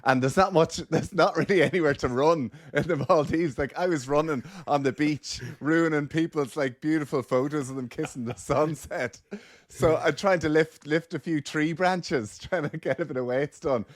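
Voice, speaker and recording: A man's voice: on the high side, moderate pace, no room sound, studio quality. Chatty Irish man, self-mocking. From Ireland. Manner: chatty, self-mocking, laughs through stories. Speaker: podcast co-host. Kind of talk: casual podcast chat.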